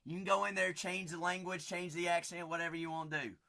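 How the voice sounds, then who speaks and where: A man's voice: high-pitched, level tone, quick pace, gravelly, sharp tone. A young man with a Southern Kentucky twang, hosting a live card-break stream with folksy, hyped sales banter.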